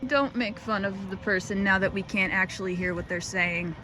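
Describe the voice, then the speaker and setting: A woman's voice: medium pitch, normal speed. A young woman co-hosting a casual ghost-hunting vlog outdoors, wary and reluctant, giving dry replies. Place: outdoors by train tracks at night.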